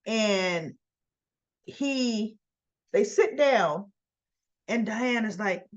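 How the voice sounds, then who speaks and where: A woman's voice: medium pitch, expressive, extremely slow, lo-fi sound. A woman host recapping a soap opera in a chatty, opinionated storytelling manner. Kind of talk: casual recap narration.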